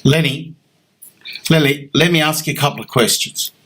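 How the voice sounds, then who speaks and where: A man's voice: a little high, moderate pace, fairly bright tone, a little hiss or hum. A man hosting an interview, blunt and sweary while reassuring his guest. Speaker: host.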